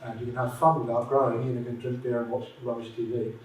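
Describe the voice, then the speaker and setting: Man chatting between sessions, relaxed storyteller, picked up from across a reverberant room. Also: mid-range voice, fast talker. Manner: chatty, laughs while telling a joke. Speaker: speaker at conference. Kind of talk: informal chat and joke-telling. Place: university conference room. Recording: roomy, distant, faint noise.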